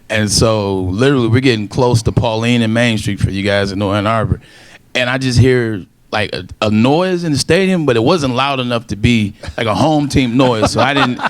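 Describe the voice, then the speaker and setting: A man who is a former college football player on a panel, telling an excited story and acting out what people said. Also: mid-range voice, normal speed, dry recording. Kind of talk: casual storytelling.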